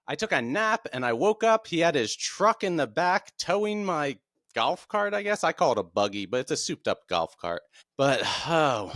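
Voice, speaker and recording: A man hosting his own show, explaining texts in a plain, deliberate way. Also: dry recording, studio quality. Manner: plain, deliberate explaining with lively pitch swings. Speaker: podcast host. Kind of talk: explanatory monologue.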